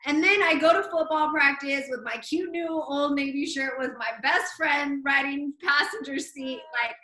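Bright high-voiced woman telling a story. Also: normal speed. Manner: animated, laughs often, acts out quoted lines. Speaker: podcast host telling her own story. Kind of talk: casual storytelling chat. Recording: roomy echo.

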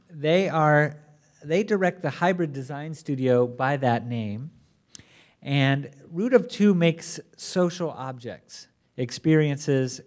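A man acting as conference moderator, introducing the plenary speakers in a measured way with occasional restarts. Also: medium pitch, a little mellow. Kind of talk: formal introduction.

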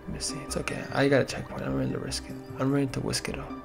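A man's voice: mid-range voice, completely flat delivery, very fast, vocal fry. Young male gamer, rambling and weary, narrating his play with faint game music under him. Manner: rambling, chatty, frequent "like". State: tired. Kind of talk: casual gameplay commentary.

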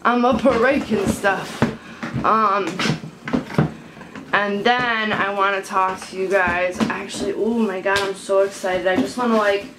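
A woman's voice: medium pitch, steady tone, measured pace. A young woman chatting to camera at home about makeup, rambling and blunt, swearing when annoyed. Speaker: beauty vlogger. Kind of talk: casual chat to camera. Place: at home, indoors. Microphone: handheld camera mic. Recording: noisy home camera recording.

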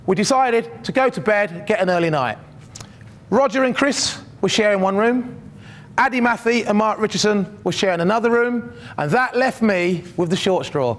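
A middle-aged man, telling a humorous story from his sprinting days to students. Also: sits high. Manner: animated, humorous, addresses the audience directly. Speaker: motivational speaker, former sprinter.

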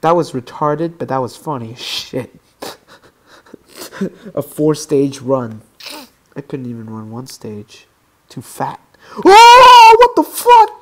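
A man giving excitable gaming commentary, swearing freely and breaking into yelps and screams. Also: mid-range voice, slow pace, pauses often. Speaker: let's play gamer.

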